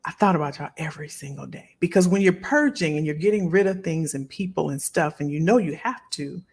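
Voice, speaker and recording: Woman, middle-aged, live stream host, husky voice, casual heartfelt chat, repeats herself. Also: sits low, brisk, darkish tone. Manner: heartfelt, repeats phrases, talks straight to viewers.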